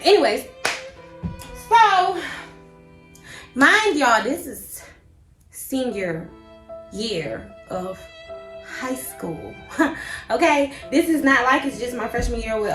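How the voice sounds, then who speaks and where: A young woman telling a personal story in a casual vlog, animated and slangy, acting out her own panicked thoughts. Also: fairly high pitch, takes it slowly, pauses often, soft background music. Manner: animated, slangy, dramatic inner monologue. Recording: echoey room.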